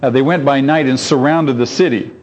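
A man's voice: mid-range voice, a little fast. A man preaching a sermon, telling stories with acted-out voices and asking rhetorical questions. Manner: animated storytelling, acts out voices, rhetorical questions. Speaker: pastor. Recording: dull lo-fi sound.

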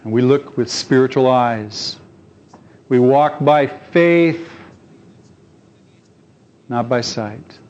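A man's voice: mid-range voice, drawn-out words, long pauses. A man preaching a sermon, telling stories with acted-out voices and asking rhetorical questions. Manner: animated storytelling, acts out voices, rhetorical questions. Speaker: pastor. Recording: dull lo-fi sound.

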